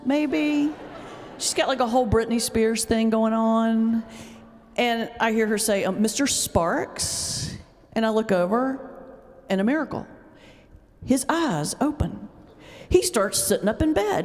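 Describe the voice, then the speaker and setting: A woman pastor giving a humorous talk, telling stories in an animated way with sudden jumps in pitch. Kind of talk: humorous lecture storytelling. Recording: long reverb of a large hall.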